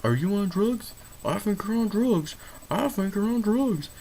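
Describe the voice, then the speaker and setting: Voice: mid-range voice, expressive, a little slow, noisy background, pitched above the performer's own voice. Someone doing an over-the-top blustering dad. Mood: mocking. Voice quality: exaggerated twangy accent, repetitive and blustering. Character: overbearing middle-aged dad, over-the-top accent. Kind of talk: mocking impression within a movie review.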